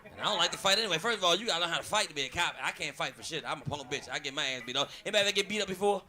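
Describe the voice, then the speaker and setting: A man's voice: a little high, very fast. A man doing a stand-up comedy set and hosting the show, swearing freely and acting out every quote. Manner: loud, animated, swearing, acts out quotes. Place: comedy club stage. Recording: comedy club with audience noise.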